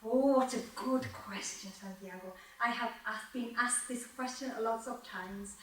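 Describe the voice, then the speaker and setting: A woman with a Manchester accent teaching English, lively and joking as she quizzes her students by name. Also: fairly high pitch, moderate pace. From England. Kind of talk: classroom lecture with questions to students. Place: university lecture room. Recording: echoey lecture hall, voice from a distance, faint noise.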